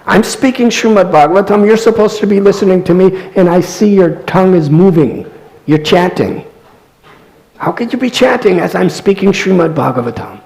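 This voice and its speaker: A man's voice: sits high, moderate pace, gravelly, darkish tone, voice pushed up, rough recording. A man acting out a stern, learned male scholar who scolds a listener. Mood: indignant. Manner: scolding, raised voice.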